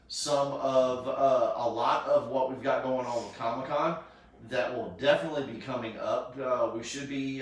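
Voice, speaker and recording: A man hosting a casual charity live stream, rambling with lots of fillers and restarts. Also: mid-range voice. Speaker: charity cosplay event host. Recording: echoey room, distant mic.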